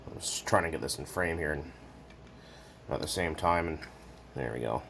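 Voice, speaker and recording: A very deep-voiced man talks loosely at his workbench, joking and rambling with the odd swear. A faint hum of background noise sits under his voice. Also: normal speed, gravelly, fairly bright tone. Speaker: hobbyist video maker. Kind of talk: casual workshop chat.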